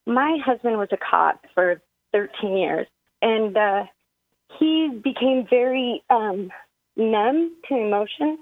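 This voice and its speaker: A woman in her forties calling in to a radio show, speaking in a halting, emotional way and choking up as she talks. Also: on the high side, expressive, no echo. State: tearful. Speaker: caller. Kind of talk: call-in radio conversation. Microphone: phone. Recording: thin phone line.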